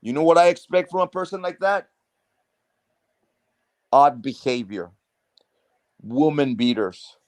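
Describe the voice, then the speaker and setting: A man's voice: a little high, animated, unhurried, long pauses, no echo. A man from South Texas, ranting on a live stream with heavy profanity, restarting phrases and hammering each point. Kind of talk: heated casual rant.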